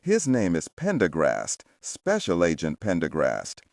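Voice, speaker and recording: A man playing a gruff, bossy police captain. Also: deep voice, huge pitch swings, unhurried, a little mellow, no room sound, studio quality, full character voice. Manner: blunt, pushy, rhetorical questions.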